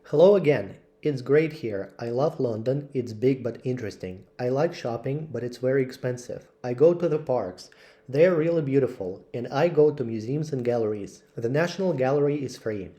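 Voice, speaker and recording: Man, English teacher, mellow tone, slow careful read-aloud of lesson texts. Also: mid-range voice, animated. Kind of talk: reading textbook passages aloud.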